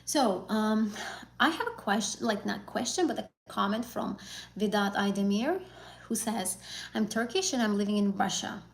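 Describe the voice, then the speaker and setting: Woman teacher on a live stream, bit of vocal fry, echoey room, chatty and encouraging. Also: medium pitch, normal speed. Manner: casual, encouraging, with fillers and self-corrections. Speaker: IELTS teacher.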